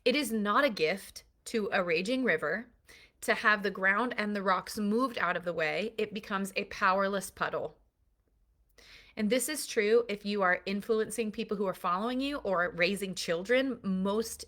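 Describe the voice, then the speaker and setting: Woman, parenting coach, earnest, emphatic, teaching through analogies, mid-pitched voice. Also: unhurried, a bit bright. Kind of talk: recorded coaching lesson.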